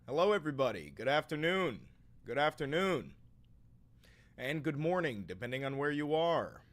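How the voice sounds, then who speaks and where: A man hosting a casual livestream, joking with chat, swearing freely, swinging between loud and quiet talk at a home microphone. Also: fairly high pitch, expressive, normal speed. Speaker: livestream host. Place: home room. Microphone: studio microphone.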